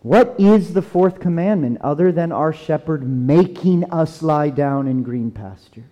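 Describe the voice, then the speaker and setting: A man delivers a sermon in a high, measured voice, leaning into key words and letting some fall almost to a hush. He takes his time over every phrase. The sound carries a long reverb, as if from a church sanctuary. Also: expressive. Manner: earnest, emphatic, with dramatic slowdowns and drops to near quiet. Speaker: preacher.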